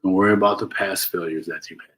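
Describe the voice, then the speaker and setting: A man's voice: low-pitched, steady tone, fast, a bit bright, poor audio. Earnest man giving a motivational talk. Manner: earnest, preachy, repeats "right?" and restarts. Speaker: host. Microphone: solo livestream from home.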